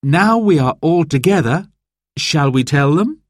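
A man's voice: fairly high pitch, lively intonation, a little slow, no echo, studio quality, voice pushed up. A man voicing a cheerful, teasing mother in a storybook reading. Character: warm smiling mother.

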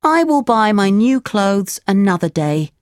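A woman voicing an eager, cheerful wooden puppet boy in a children's storybook reading, in a much higher voice than her own. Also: measured pace, no echo, clean studio sound. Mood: earnest. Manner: excited, high and bright. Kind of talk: storybook character voice.

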